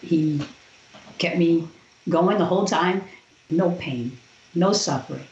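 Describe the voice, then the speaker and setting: A woman, a podcast guest, telling a personal story in an animated way and acting out the other people's lines. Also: lowish voice, slow. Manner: animated retelling with quoted voices. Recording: roomy, dull lo-fi sound.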